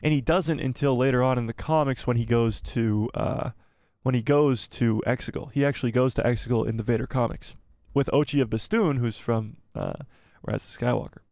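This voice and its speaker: A man's voice: medium pitch, fairly even intonation, fairly quick, darkish tone, no room sound, studio quality. Enthusiastic man rambling on a live stream. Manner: enthusiastic, rambling, thinks aloud. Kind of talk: casual live stream chat.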